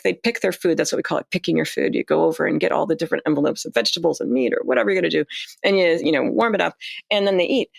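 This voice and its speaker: A woman guest in casual conversation, telling stories in a chatty, animated way with frequent restarts. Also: medium pitch, vocal fry, dry recording. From United States. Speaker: astronaut guest.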